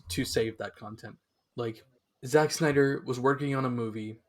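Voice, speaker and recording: A young man co-hosting a podcast in casual chat, rambling with lots of fillers and restarts. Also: medium pitch. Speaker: podcast co-host.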